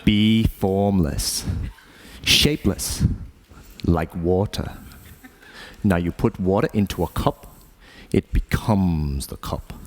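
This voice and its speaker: A man doing an impression of a calm martial arts sage, speaking in slow, measured, deliberate phrases. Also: deep voice, voice pushed down. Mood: calm, solemn. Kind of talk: impression of a famous martial artist.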